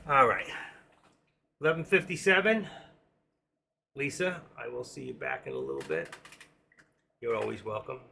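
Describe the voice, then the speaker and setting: A man's voice: medium pitch, animated, normal speed, gravelly, long pauses, pushed and bright, a little hiss or hum. A middle-aged man with a New York accent, chatting casually on his trading live stream and reading viewer comments aloud.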